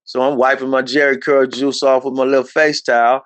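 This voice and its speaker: Animated storytelling man, dry sound. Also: a little fast, clean tone, dry recording. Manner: animated, acts out quoted voices in a higher pitch. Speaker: interview guest telling his life story. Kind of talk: casual storytelling.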